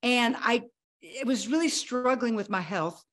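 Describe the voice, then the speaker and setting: A woman in her sixties speaks with a voice that sits a little high. She tells her own story as a podcast guest, vivid and dramatic, and acts out the dialogue she remembers. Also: measured pace, a bit bright. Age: 60s. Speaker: guest, health coach. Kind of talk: personal storytelling in a podcast interview.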